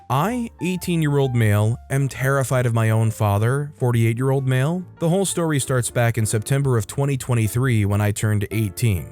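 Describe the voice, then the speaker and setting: Male storyteller, mid-pitched, reads posts aloud and drops wry side comments, soft music bed underneath. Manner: casual, adds joking asides to listeners. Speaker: story narrator. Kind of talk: reading online stories aloud.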